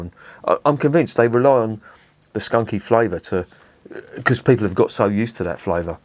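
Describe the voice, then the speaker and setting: A man rants through a beer review, swearing freely and tripping over his restarts. His voice sits low, and the close recording is dry with no room sound. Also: darkish tone, no room sound. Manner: sweary, exasperated ranting with restarts. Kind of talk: ranting review vlog.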